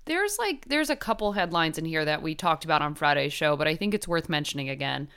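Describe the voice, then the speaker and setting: A woman with a smooth, clear voice co-hosts a casual sports talk show. She talks with animated emphasis and reads headlines in turn with her co-host. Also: sits low, quick pace. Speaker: podcast co-host.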